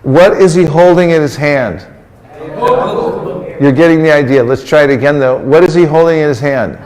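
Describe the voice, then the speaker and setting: A man's voice: on the high side, moderate pace, darkish tone. A man giving an interactive sermon to a group, coaxing the audience into call-and-response answers in a playful, teasing way. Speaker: religious teacher. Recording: long reverb of a large hall.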